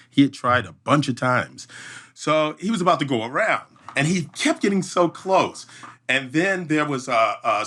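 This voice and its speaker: Bright-voiced man telling a lively story. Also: medium pitch. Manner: lively, hums sound effects, frequent restarts. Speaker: event emcee and podcast guest. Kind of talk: animated storytelling in conversation.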